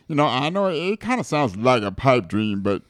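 A man co-hosting a comedy radio show, rambling and halting through his lines with plenty of fillers, from a studio microphone. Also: mid-range voice, very animated, no room sound. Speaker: radio co-host.

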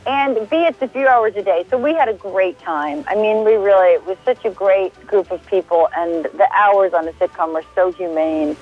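A woman's voice: mid-range voice, normal speed, hardly any pauses, faint music behind. A woman calling in to a radio show as the guest, chatty and upbeat. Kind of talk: phone interview. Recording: tinny phone line.

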